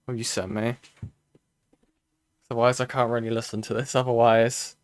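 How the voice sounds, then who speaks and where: A man's voice: medium pitch, flat delivery, normal speed, clean tone, no room sound, clean studio sound. A man streaming live, reacting to a video with casual, profane asides to his chat and a co-host.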